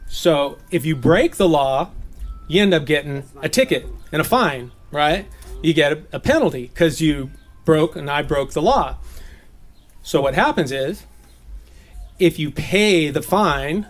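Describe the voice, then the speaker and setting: Man preaching informally, slightly high voice, chatty, laughs a lot, from southern california. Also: expressive, unhurried. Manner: chatty, laughs often, slips into playful voices. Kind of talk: casual sermon teaching. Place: gathering.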